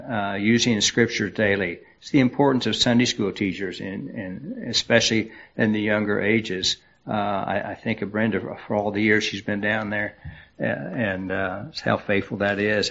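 A man preaching a sermon as pastor, unhurried and halting, with many fillers and restarts. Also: on the low side, vocal fry, fairly bright tone, highs cut off, slight background noise.

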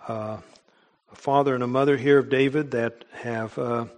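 A man's voice: mid-range voice, fairly even intonation, moderate pace. A man preaching a sermon in an earnest, emphatic way, with small restarts as he goes. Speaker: pastor.

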